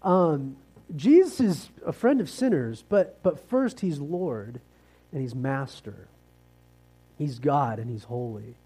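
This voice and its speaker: A male pastor preaching a sermon, reading scripture aloud and then explaining it in a relaxed, conversational way with asides. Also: mid-range voice, slow, rough recording. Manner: rises and falls in emphasis, with asides.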